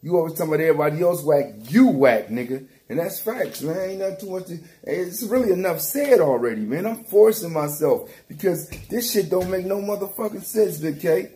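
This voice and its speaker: Speaking briskly with barely a pause, this battle rap commentator's high, warm voice swings with lively intonation. His rant is angry and full of swearing, circling back on the same points as he calls someone out to their face.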